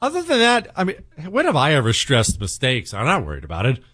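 A man's voice: fast, few pauses, breathy edge. A man hosting a talk radio show, delivering an opinionated, sarcastic monologue. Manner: sarcastic, animated, swings pitch for emphasis.

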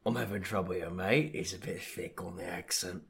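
A blunt, questioning British investigator, as a player puts him on. The voice sits low and gravelly, with a put-on British accent. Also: male voice, moderate pace, a bit bright.

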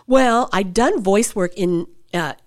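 A middle-aged actress and voice performer telling stories in a conversational interview, her pitch jumping up for emphasis. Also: slow. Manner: animated storytelling, pitch jumps for emphasis.

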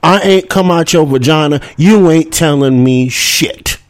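A man rants through a political monologue, swearing freely and punctuating his points with quick rhetorical asides. His voice sits slightly high for a man and is recorded close and dry, with no room sound. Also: dry recording. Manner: fiery, profane, rhetorical asides. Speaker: podcast host. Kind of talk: heated political talk show monologue.

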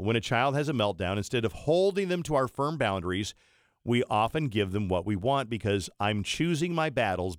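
Blunt middle-aged radio host. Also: male voice, fairly low pitch, clean tone, dry recording, studio quality. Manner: blunt, opinionated storytelling. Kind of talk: casual radio talk.

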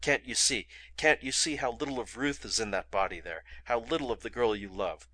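A man voicing a forceful, commanding man who barks urgent orders. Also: medium pitch, a little fast, dry recording. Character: forceful commanding man protecting his sister.

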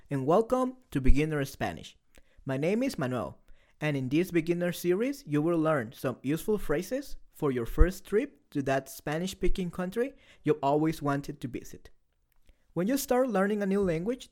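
Male teacher, scripted lesson read, raised pitch with very animated intonation. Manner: clear, explanatory, didactic. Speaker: language teacher.

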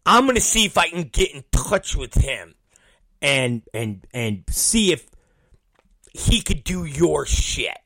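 A man telling a profane story, acting out both sides of old conversations and mimicking others in low, mumbling voices. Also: big pitch swings, slow, pushed and bright, no echo, studio quality. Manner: acts out both sides of conversations, swears constantly.

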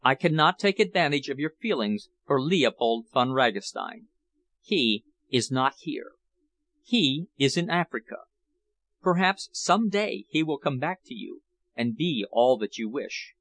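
Guarded storybook gentleman, restrained and firm, lively in pitch; a man reads him. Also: measured pace. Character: guarded aristocratic man hiding his identity, firm.

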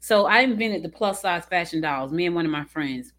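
A woman in casual conversation, affirming and quick to react, sharing her own story. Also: on the low side, animated, a bit bright.

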